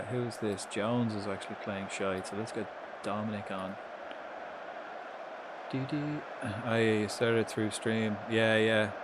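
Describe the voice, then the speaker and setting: A man with a fairly low voice talks through a football game on a live stream, chatty and quick to swear. He reacts out loud to every moment on the pitch. A clear layer of noise runs behind his voice. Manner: chatty, swears freely, reacts loudly to the match. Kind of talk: casual live gameplay commentary.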